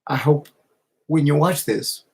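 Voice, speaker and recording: A man speaking into a camera in a heartfelt personal video message to his partner, emotional and halting, with restarts and pauses. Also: on the high side, vocal fry, breathy edge.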